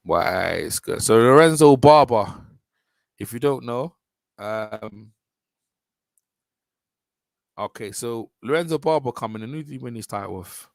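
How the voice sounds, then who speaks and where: With a lowish voice touched by vocal fry, this London boxing-channel host talks unhurriedly and pauses often. He rambles informally over a fight video, full of restarts and fillers, and there's no room sound.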